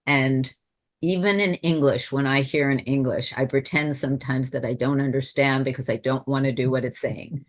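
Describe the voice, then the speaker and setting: A woman's voice: a bass voice, fairly even intonation, normal speed. A woman telling a personal spiritual story on a webinar, in a reflective, rambling way, often restarting her sentences. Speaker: webinar speaker. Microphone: video call.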